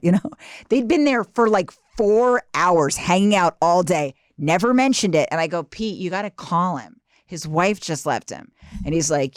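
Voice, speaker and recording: A woman's voice: fairly low pitch, expressive, normal speed, no echo, studio quality. A middle-aged woman comedian in casual podcast chat, telling self-mocking stories and acting out her husband's lines. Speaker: stand-up comedian guest.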